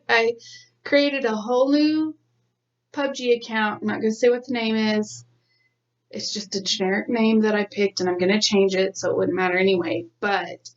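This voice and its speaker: A woman's voice: medium pitch, distant mic. A chatty woman co-hosting a podcast, rambling through stories and laughing often. She sits back from the mic, and the sound is dull and lo-fi. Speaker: podcast co-host. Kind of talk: casual chat.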